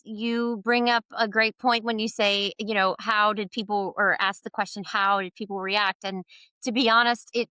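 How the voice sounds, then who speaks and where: A woman's voice: mid-range voice, pushed and bright, smooth, dry recording, rough recording. A middle-aged woman, an author and podcast guest, answering candidly, open and reflective with some self-deprecating humor.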